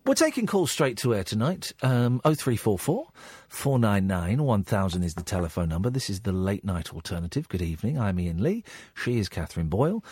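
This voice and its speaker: A man hosting a late-night radio talk show, relaxed and teasing with callers. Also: on the low side, slightly rough, dry recording. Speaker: radio host. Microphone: studio microphone.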